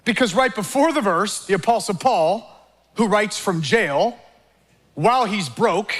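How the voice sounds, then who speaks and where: A man preaching a sermon, calling on the congregation to repeat words and acting out quick inner dialogues. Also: sits high. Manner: animated preaching with call-and-response and acted-out inner dialogues. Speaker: pastor.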